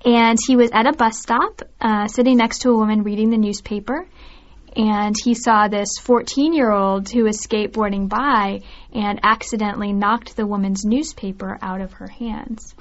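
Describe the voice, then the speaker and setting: A woman with a mid-pitched voice co-hosts the discussion, explaining ideas and defining words in a careful, measured way. The sound is slightly muffled and lo-fi. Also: fairly even intonation. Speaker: co-host. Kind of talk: scripted learner podcast discussion. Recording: dull lo-fi recording.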